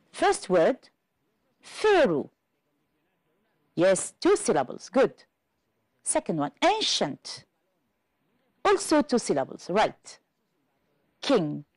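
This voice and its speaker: A woman from Algeria teaching an English exam-prep lesson on television, explaining carefully and slowly. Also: mid-range voice, a little mellow, dry recording, poor audio. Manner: slow, careful classroom explanation.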